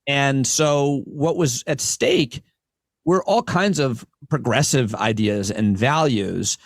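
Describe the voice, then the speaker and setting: A man, a comic and podcast host, talking as a guest on a casual podcast and building long, earnest arguments in quick bursts. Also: mid-range voice, lively intonation, no room sound, clean studio sound.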